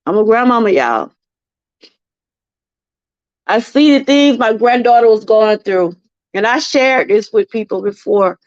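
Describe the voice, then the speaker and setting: Middle-aged Southern woman, high voice, earnest preachy live-stream testimony, dry muffled lo-fi sound. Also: expressive, a little slow, long pauses, no echo. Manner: earnest, preachy, repeats herself, talks to chat. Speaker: channel host.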